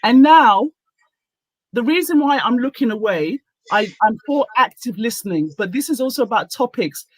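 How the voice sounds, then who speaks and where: A woman hosting a casual online talk show, speaking deliberately and reading out her own posts with emphasis. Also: a little high, animated, no room sound, low-quality recording. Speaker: host.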